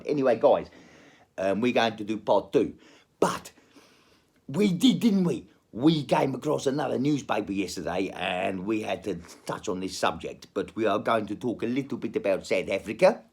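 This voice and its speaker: A man's voice: lowish voice, animated, normal speed, vocal fry, darkish tone, slightly rough. A man vlogging a rambling comic story, chatty and full of swearing and restarts.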